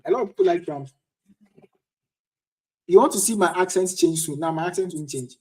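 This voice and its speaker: His voice is high, a little mellow, and fairly quick. This Ghanaian man in his twenties is the host of a relaxed live-stream chat, responding to questions from viewers.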